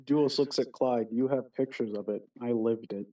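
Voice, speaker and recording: A man's voice: medium pitch, moderate pace, warm tone. A man playing a tabletop game over a muffled, distant mic, narrating his character's actions in third person. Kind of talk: casual in-character chat over voice call.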